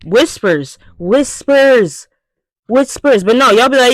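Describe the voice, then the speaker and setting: Young woman venting on her vlog, high voice all over the place, cussing and yelling a lot. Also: slow pace, no echo, rough recording. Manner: exasperated, swearing rant; loud, animated outbursts. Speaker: vlogger. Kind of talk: ranting vlog monologue.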